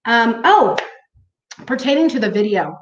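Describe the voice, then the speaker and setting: A woman's voice: on the high side, very animated, measured pace, a little hiss or hum. A woman chatting casually to her viewers in a rambling way, with lots of fillers and restarts. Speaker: vlogger. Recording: echoey room, dull lo-fi sound.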